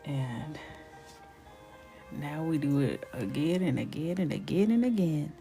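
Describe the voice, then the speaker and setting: Woman, thirties, host of a live coloring stream, low voice, chatty storyteller who slips into near whispers. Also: a little slow, soft background music. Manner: chatty and animated, often dropping to a near whisper. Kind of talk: casual storytelling while coloring.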